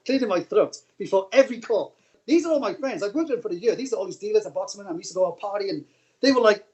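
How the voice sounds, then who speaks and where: A man with a high voice tells a story at a quick pace. He acts out what people said in animated bursts. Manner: fast and animated, acts out his own lines. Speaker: casino dealer. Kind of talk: casual anecdote.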